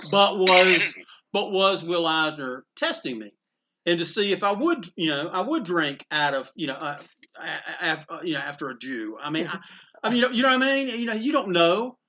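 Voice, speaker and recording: A man's voice: sits high, noisy background. A man who owns a comic book store, telling anecdotes in a rambling, casual way with frequent restarts and some swearing. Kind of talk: anecdotal storytelling in a conversation.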